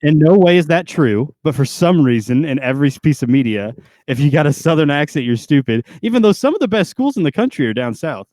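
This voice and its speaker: A man's voice: fairly high pitch, lively intonation, a little fast, mellow, no echo, studio quality. A young man co-hosting a podcast, joking and rambling in casual chat, laughing often. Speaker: podcast co-host.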